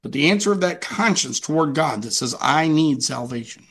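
A man preaching a sermon to his congregation in a notably high voice. He is earnest and often asks a question and then answers it himself. He slows down when reading scripture aloud. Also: expressive, fairly bright tone, husky. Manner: reads scripture aloud, slowing down. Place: church meeting room with a congregation.

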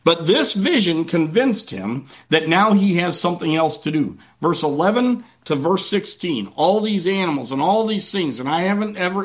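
A man's voice: high-pitched, lively intonation, moderate pace, few pauses. A man preaching a conversational sermon as pastor, telling the passage in a folksy way with frequent restarts. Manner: folksy, repeats and restarts words.

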